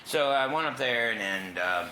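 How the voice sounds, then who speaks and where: A man with a medium-pitched, animated voice, pushed and bright, speaks at normal speed over a little hiss or hum. As a guest sharing his recovery story, he's candid, casual, and profane, dropping to a whisper at tense moments.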